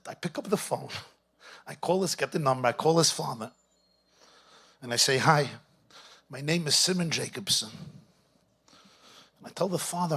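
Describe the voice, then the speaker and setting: A man's voice: fairly high pitch, animated, normal speed, long pauses, a bit bright, slightly rough. A middle-aged man, a rabbi, telling a story to an audience at a weekend gathering and mixing in Yiddish and Hebrew phrases. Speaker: rabbi speaking at a Shabbaton.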